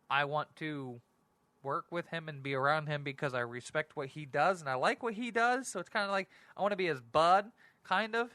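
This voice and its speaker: A man hosting a casual solo talk show, rambling and excitable, often laughing at himself. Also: a little high, dry recording. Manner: rambling, giggly, self-deprecating; excitable and animated. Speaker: podcast host.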